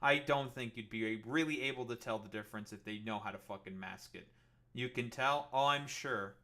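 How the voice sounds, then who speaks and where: A man's voice: medium pitch, normal speed, bright, forceful tone. A man streaming live, arguing with his chat in a profane, combative and mocking way. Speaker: political streamer. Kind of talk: livestream argument with chat.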